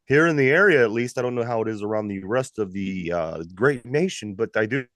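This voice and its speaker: Pittsburgh man, podcast co-host, animated delivery with lots of restarts, just recovering from illness. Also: on the low side, fairly quick, no room sound, clean studio sound. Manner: animated, repeats words while talking. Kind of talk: casual sports podcast chat.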